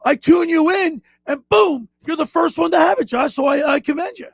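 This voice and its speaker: A man hosting a sports radio show in a studio, chatting excitedly with his co-host. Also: extremely high pitch, normal speed, vocal fry. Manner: excitable, animated storyteller. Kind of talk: casual sports radio chat.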